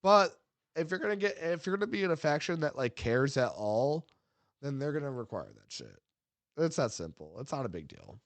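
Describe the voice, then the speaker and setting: A man's voice: medium pitch, big pitch swings, moderate pace, dry recording. A man co-hosting a casual gaming podcast, rambling with playful outbursts. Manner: rambling, lots of fillers and restarts, playful outbursts. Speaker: podcast co-host.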